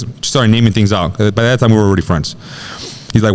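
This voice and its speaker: A man's voice: lowish voice, steady tone. A man in his thirties telling a personal story as a podcast guest in casual, slangy talk, often saying bro. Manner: rapid slangy talk, says bro a lot.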